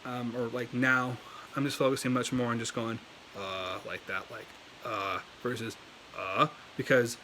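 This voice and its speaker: A man's voice: mid-range voice, little pitch movement, brisk, pushed and bright, slight background noise. A man giving a casual language lesson on camera, talking loosely with lots of fillers and restarts. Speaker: language learning video host. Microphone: desk setup, moves around in his chair.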